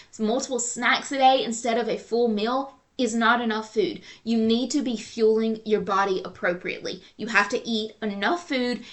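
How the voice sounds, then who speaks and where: A woman hosting a solo podcast, giving earnest, repetitive coaching advice. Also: on the high side. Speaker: podcast host and nutrition coach.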